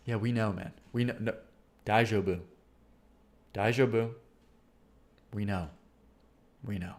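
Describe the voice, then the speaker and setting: A man's voice: lowish voice, steady tone, moderate pace, background noise. A man hosting a music-review livestream, talking casually in a rambling, slangy way and swearing freely.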